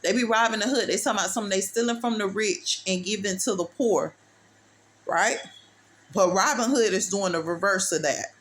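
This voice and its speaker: A woman's voice: medium pitch, a little fast, a bit bright. A woman giving a preachy motivational testimony. She talks emphatically and repeats herself, calls the listener baby and uses street-talk phrasing. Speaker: speaker sharing testimony.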